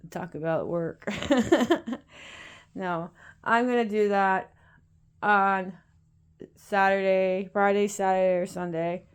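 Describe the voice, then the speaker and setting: A woman's voice: medium pitch, fairly even intonation, slow, long pauses, clear, resonant tone. A woman at home chatting casually while filming her cats, laughing often and cooing at her pets. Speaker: pet vlogger. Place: at home, indoors.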